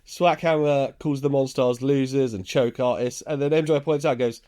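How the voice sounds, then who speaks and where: A man co-hosting a podcast casually recaps a film's plot scene by scene, chuckling as he goes. His medium-pitched voice is steady and a little mellow, at normal speed, in a laid-back storytelling manner.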